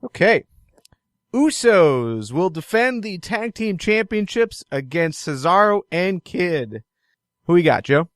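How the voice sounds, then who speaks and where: A man's voice: sits high, big pitch swings, slow pace, no room sound, studio quality. Man hosting a wrestling podcast. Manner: runs the picks, asks each guest in turn. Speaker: podcast host. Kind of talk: casual podcast chat over a call.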